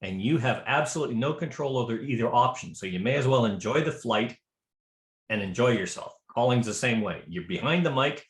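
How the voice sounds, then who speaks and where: A man's voice: mid-range voice, animated, a little fast. A man teaching square dance calling to a class in a chatty, joking way with many restarts. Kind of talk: presentation to a class of callers. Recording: roomy echo.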